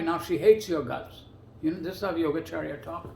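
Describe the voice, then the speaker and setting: A man casually telling personal stories as a guest, animated and climbing much higher in pitch when he quotes other people. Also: fairly quick, creaky. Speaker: guest storyteller. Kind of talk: casual spoken storytelling. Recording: roomy echo.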